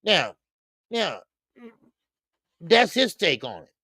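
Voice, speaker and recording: A man hosting a boxing talk stream, speaking casually and loudly, cursing freely, repeating himself and reading viewer comments aloud. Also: high voice, slow pace, dry recording, clean studio sound. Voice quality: loud, animated, profane, repeats himself. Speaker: boxing show host.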